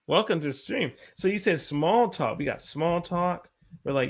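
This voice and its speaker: A man's voice: a little high, normal speed. Chatty American guy teaching English live. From United States. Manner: chatty, animated, greets viewers by name. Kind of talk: casual live-stream chat.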